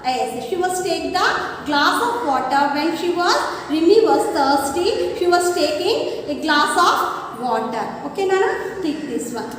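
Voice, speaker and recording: A woman teacher with an Indian English accent, giving a slow lesson and spelling out words letter by letter. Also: very high-pitched, expressive, a little hiss or hum. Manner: slow, repetitive, addresses the class as Nana. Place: school classroom. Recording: echoey classroom, voice from far off.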